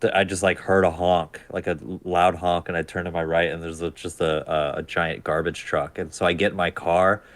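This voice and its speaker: A man's voice: deep voice, flat delivery, normal speed, few pauses, a bit bright, no room sound. A man co-hosting a casual gaming podcast, telling a rambling story with restarts and swearing. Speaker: podcast co-host.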